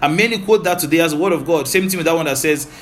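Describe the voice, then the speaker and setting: A man preaching a Bible teaching sermon, talking quickly and animatedly, often checking in with "right?" and "hallelujah". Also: on the high side, a little hiss or hum.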